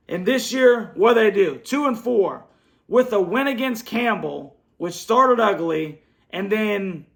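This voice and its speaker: Fed-up man ranting, gravelly and high. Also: fairly bright tone. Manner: frustrated, blunt, repetitive. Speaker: sports fan show host. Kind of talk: angry post-game rant. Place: home, at a computer. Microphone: computer setup.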